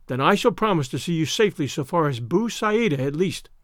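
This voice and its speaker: A man reading aloud and voicing a strong, calm adventurer who speaks in a measured, courteous way. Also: on the high side, no room sound, clean studio sound, close to an everyday voice.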